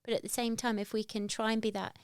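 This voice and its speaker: A woman co-hosting a parenting podcast, agreeing often and talking in an encouraging, animated way. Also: fairly high pitch, quick pace, clear, resonant tone, no echo, clean studio sound. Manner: warm agreeing, animated when quoting. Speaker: podcast co-host. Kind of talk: casual parenting chat.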